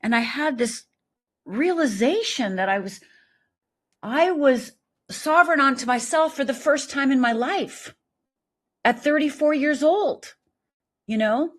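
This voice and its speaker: A woman in her sixties, a life coach, telling her story as an interview guest in an animated way, often asking "right?". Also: high voice, a little slow, long pauses. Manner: animated, tags thoughts with "right?".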